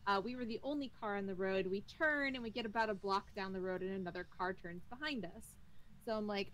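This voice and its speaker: A woman's voice: mid-range voice, fairly quick, fairly bright tone, low-quality recording. A young woman telling a ghost story in casual chat while playing a game with friends, rambling with many fillers.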